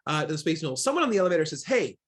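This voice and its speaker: This man from Seattle, USA, is a diversity trainer running an online workshop through a computer mic. His fairly high voice is very animated and rapid-fire, and he speaks emphatically, firing lots of questions at his audience.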